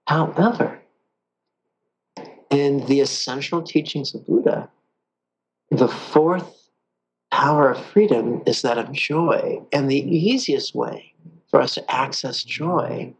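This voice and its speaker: A man with a gravelly, husky voice teaches a guided meditation. He speaks calmly with a playful streak and slows right down for the breathing cues. His pitch sits in an ordinary middle range. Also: poor audio.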